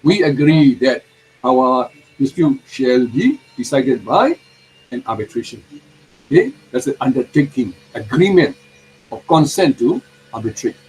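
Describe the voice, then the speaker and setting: A man lecturing a university law class, explaining terms slowly, repeating them and putting questions to the students. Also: mid-range voice, lively intonation, darkish tone, a little hiss or hum, rough recording.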